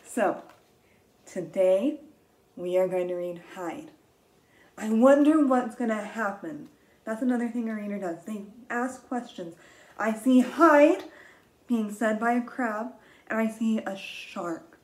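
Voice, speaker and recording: A woman reading a picture book aloud to young children as their teacher, gentle and patient, counting along and gasping with wonder. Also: medium pitch, a little slow, rough recording. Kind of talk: slow read-aloud lesson for young children.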